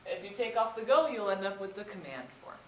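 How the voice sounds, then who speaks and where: A woman's voice: mid-range voice, lively intonation, a little fast. A young woman teaching grammar, explaining the rules patiently, step by step. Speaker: Spanish teacher. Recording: echoey room, faint noise.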